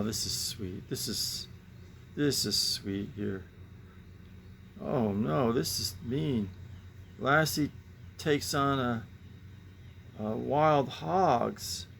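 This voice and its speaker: Gravelly man musing over old comics. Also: fairly high pitch, a little hiss or hum. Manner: rambling, musing, sighing asides. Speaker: comic book collector host. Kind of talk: casual show-and-tell commentary.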